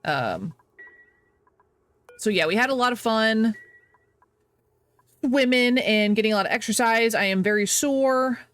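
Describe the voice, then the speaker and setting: A game streamer in casual live chatter, voice swinging up and down a lot in pitch. Giggles break in often, with quick apologies and running reactions to the game. Mid-pitched and animated throughout. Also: clean tone, no echo. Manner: talks to chat, reacting to the game.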